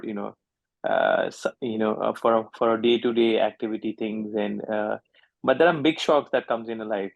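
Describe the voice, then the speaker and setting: A man asking a question in an online session, hesitant, with many pauses and restarts. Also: lowish voice, vocal fry, dry recording. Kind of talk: casual question in a webinar.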